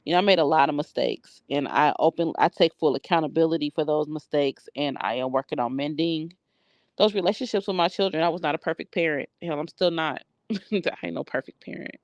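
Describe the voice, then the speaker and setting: A woman's voice: sits low, brisk, no echo, highs cut off. A middle-aged woman, a psychic medium, talking frankly and bluntly in a personal video journal.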